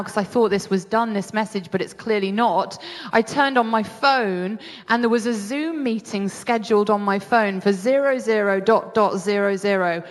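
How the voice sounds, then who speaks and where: Lively woman preacher in a reverberant hall. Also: on the high side. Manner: animated storytelling, acts out her own reactions. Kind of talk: personal story sermon.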